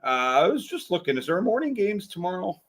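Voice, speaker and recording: A man's voice: high-pitched, big pitch swings, quick pace. A man co-hosting a sports podcast, talking casually about betting picks and games with a laid-back, rambling manner. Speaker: podcast co-host.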